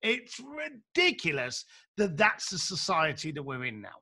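A man's voice: fairly high pitch, a little slow, creaky. A man, a coach, talking casually and emphatically, acting out little dialogues as he makes his points. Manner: animated, emphatic, acts out dialogues. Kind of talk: casual chat.

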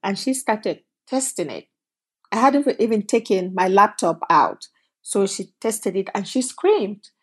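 A woman's voice: mid-range voice, expressive, measured pace, husky. A middle-aged woman from Cameroon, a company founder telling her story in an interview and acting out the voices of people she quotes. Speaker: guest, food company founder.

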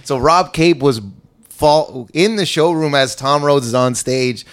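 A man's voice: fairly high pitch, unhurried. A man hosting a casual podcast chat, telling loose stories with plenty of swearing. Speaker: podcast host.

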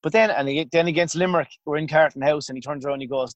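A man's voice: fairly high pitch, very fast, no room sound. A man with an Irish accent, a former goalkeeper, telling long anecdotes in a casual interview with many restarts. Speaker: former hurling goalkeeper guest.

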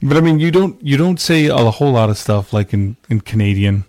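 A man hosting his podcast in a relaxed, rambling way, full of 'dude' and 'like'. His voice is mid-pitched and sounds close and dry. He laughs often and sounds casual. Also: a little fast, no room sound. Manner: easygoing, filler-heavy, laughs often. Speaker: podcast host. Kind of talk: casual chat.

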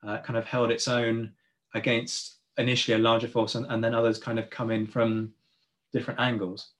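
A man's voice: mid-range voice, completely flat delivery, brisk, fairly bright tone. A man hosting a podcast interview, chatting and asking his guest questions, sometimes correcting himself. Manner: conversational, questioning, self-correcting. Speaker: podcast host.

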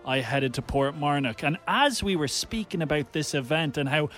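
A man's voice: on the high side, animated, a bit bright. A man co-hosting a radio show, cracking teasing jokes. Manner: teasing, quick jokes, laughs. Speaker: radio co-host.

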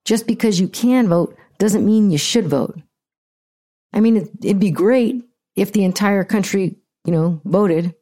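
A woman's voice: mid-range voice, a little slow, mellow. An American woman hosting a podcast with blunt, profane, ranting casual commentary. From United States. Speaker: podcast host.

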